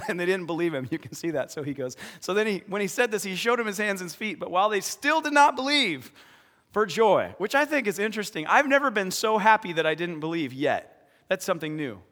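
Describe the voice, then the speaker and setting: High-voiced pastor preaching in a hall. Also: male voice, a little fast. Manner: lively, acts out scripture scenes with dramatic shouts. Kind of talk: sermon. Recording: long reverb of a hall.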